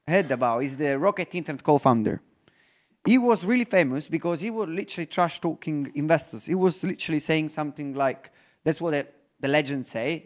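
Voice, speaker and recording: On a conference stage, an Italian investor speaks English loosely, with frequent restarts, in a voice a bit high for a man. Now and then he drops to a very slow, soft near-murmur to press a point.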